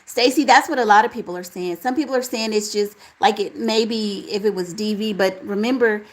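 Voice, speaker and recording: A woman hosting a casual live chat, reading out viewer comments and answering them in a relaxed, talkative way. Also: medium pitch, a little fast, low-quality recording. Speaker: livestream host reading chat.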